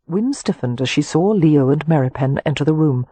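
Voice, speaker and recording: A woman narrates a period romance audiobook in a measured, even voice with a slight husk. The recording is close and dry. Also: low-pitched, husky, no echo. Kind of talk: scripted narration.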